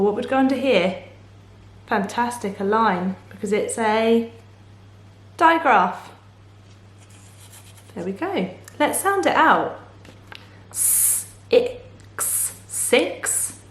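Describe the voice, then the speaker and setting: A woman teaching phonics to young children in a slow, encouraging, sing-song manner, asking lots of questions. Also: on the high side, reverberant. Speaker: primary school teacher.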